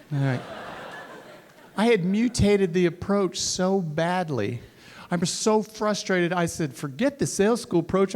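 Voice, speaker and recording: Man, middle-aged, motivational speaker, storytelling, playful, acts out scenes, higher-pitched voice. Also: big-room sound. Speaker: motivational speaker to sales trainees. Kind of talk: animated storytelling talk to a live audience. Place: large hall before a college audience.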